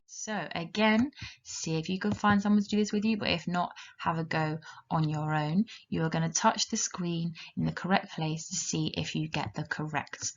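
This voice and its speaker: A woman teaching a children's language lesson, giving slow, clear, encouraging instructions. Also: deep voice. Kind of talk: recorded classroom lesson for children. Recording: dull lo-fi recording.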